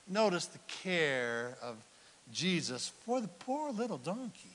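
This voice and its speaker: A man preaching a sermon, animated, swinging from loud lines to whispered asides. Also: high-pitched, moderate pace, big-room sound. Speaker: pastor.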